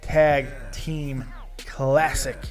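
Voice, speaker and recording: A man's voice: mid-range voice, little pitch movement, very slow, faint music behind. A man hosting a live show in casual, rambling talk, joking and teasing himself. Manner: rambling, self-deprecating, jokey. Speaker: host.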